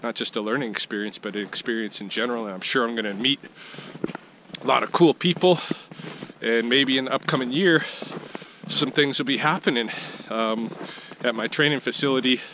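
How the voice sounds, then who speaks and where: Out in his backyard, a man gives a casual weekly vlog update, thinking aloud with plenty of fillers and restarts. His medium-pitched voice runs a little fast, with outdoor ambient noise behind it.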